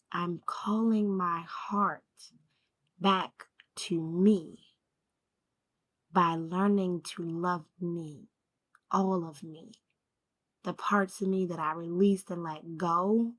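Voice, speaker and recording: A woman talking to the camera about her healing journey. She speaks from the heart in a reflective way, asks herself questions and keeps checking in with "right?". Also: fairly low pitch. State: emotional, near tears at times. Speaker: spiritual vlogger. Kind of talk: reflective personal talk to camera.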